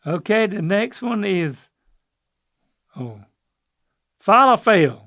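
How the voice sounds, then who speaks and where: A man's voice: sits high, animated, unhurried, fairly bright tone, no echo, studio quality. An older man, co-hosting a casual chat and stumbling hesitantly over unfamiliar words. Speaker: podcast co-host, the father.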